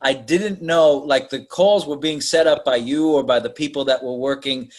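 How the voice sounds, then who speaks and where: A man hosting a podcast, reminiscing in casual chat, animated and laughing often. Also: mid-range voice, moderate pace. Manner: animated, laughs often, acts out calls in put-on voices. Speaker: podcast host.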